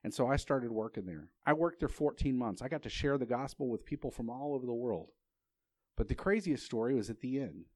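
A male preacher delivers a sermon as a relaxed personal story, with plenty of restarts along the way. He puts rhetorical questions to the congregation. His voice sits at an ordinary middle pitch and sounds dry and close. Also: a little fast, no room sound. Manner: conversational storytelling, frequent restarts.

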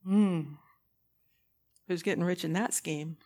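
A woman's voice: fairly low pitch, slow, a little mellow. A woman preaching a sermon in an earnest, impassioned way, putting pointed questions to her listeners.

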